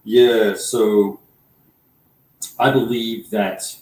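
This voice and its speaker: Low-voiced man working through game rules. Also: steady tone, darkish tone, roomy sound, rough recording. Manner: thinks aloud through rules, halting with fillers. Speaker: board game player, co-host. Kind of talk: casual chat over a wargame.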